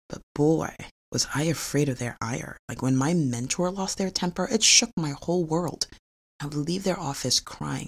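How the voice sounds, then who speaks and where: A woman's voice: low-pitched, husky. A middle-aged woman, a physician and researcher, telling a personal story in an earnest, confessional way with small laughs.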